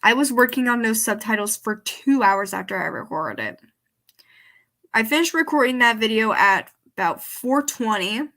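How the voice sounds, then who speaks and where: A woman's voice: a little high, lively intonation, moderate pace, fairly bright tone. A woman with a Southern country accent, chatting casually as she reacts to her old videos and explains things as she goes. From American South, countryside.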